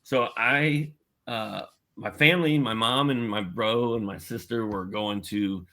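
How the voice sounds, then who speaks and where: A man's voice: fairly low pitch, unhurried, sharp tone. A middle-aged man from Indiana, a podcast guest animatedly telling a personal story and acting out the voices he quotes. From Indiana, USA. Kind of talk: storytelling in a casual podcast chat.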